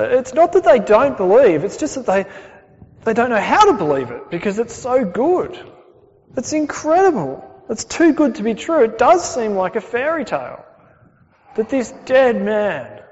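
A man's voice: high voice, a little mellow. A young man preaching a conversational sermon, with many fillers and questions to the congregation. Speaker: pastor. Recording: dull sound in a hall with long reverb.

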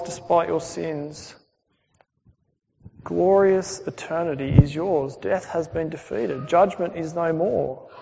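High-voiced man preaching in a hall. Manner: conversational, animated, many fillers and tag questions. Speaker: pastor. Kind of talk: sermon. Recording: dull sound in a hall with long reverb.

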